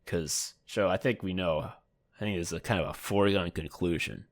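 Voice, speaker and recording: Guy with a lowish voice hamming up a fake sports announcer bit on a podcast. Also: normal speed. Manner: mock sports announcer, rambling and joking. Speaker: podcast co-host. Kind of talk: comedic podcast banter.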